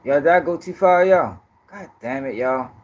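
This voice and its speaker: High-voiced man mocking a news story. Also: lively intonation, normal speed, muffled recording. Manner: loud, laughing, profane and mocking. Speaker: commentary host. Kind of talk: reaction commentary on a news clip.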